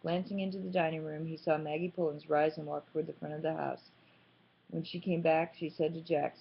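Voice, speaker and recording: Low, gravelly woman reading a novel aloud. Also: level tone, a little fast. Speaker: audiobook narrator. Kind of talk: scripted narration. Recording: slightly muffled, dull audio.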